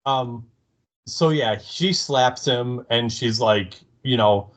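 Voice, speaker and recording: A man's voice: mid-range voice, slow pace. A man co-hosting a podcast, recapping a TV episode in an easygoing, hesitant way. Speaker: podcast co-host. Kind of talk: casual episode recap chat.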